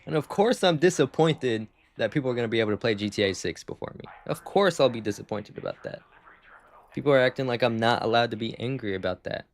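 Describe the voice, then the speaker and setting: A young man streaming a game live, chatting in a casual, animated way with lots of slang as he rants. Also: mid-range voice, fast. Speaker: gaming streamer. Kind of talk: live gameplay commentary.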